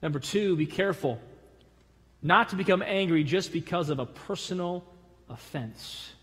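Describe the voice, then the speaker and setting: A male pastor preaching a sermon, rising to loud emphatic calls and dropping low, and acting out the voices of people in his stories. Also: normal speed, big-room sound. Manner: acts out voices in stories with a laugh. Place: church sanctuary.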